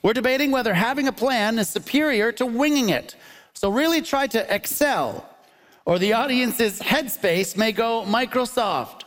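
A man hosting a live comedy debate show, playful and quick, laughing often. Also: extremely high pitch, a bit bright. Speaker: game show host. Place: theatre with live audience. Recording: noisy live audience.

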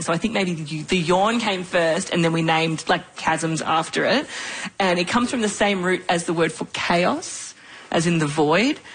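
A woman co-hosting a radio health show, bubbly and quick, who laughs easily as she explains. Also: on the low side, fairly bright tone, breathy edge, rough recording. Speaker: radio co-host.

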